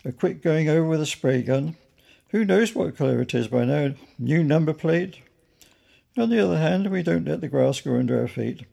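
A man's voice: on the high side, animated, moderate pace, vocal fry, dark tone, voice pushed up, full character voice. A man voicing a weary, stern middle-aged policeman with a dry, officious manner.

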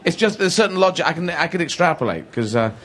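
A man's voice: fairly high pitch, very animated, fast, a bit bright. A British man, a stand-up comedian, chatting casually in a rambling, jokey way with many fillers. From Britain. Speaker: comedian guest. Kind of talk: casual comic chat.

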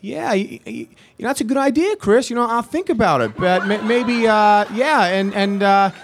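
A man impersonating a mild, soft-spoken male film director who politely dodges ideas with hesitant hedging. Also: high voice, sing-song, normal speed, background noise, voice pushed up. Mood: evasive.

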